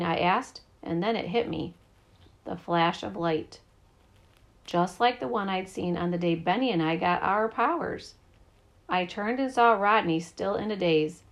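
A woman narrating a children's story in the first person, lively and brisk. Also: mid-range voice. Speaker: audiobook narrator.

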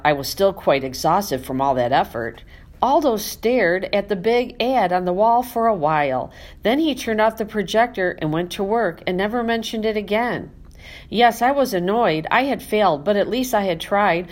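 Lady reading a kids' book aloud, bouncy and expressive, narrating as the class hamster. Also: medium pitch. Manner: lively, expressive, animated. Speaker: audiobook narrator. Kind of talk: storybook narration in first person as a classroom hamster.

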